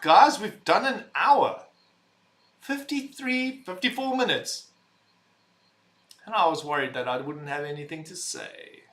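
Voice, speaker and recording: A young man hosting a casual livestream, reading chat messages aloud, loud and rambling, laughing and swearing as he talks. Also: fairly high pitch, lively intonation, unhurried, pauses often. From visitor to the UK.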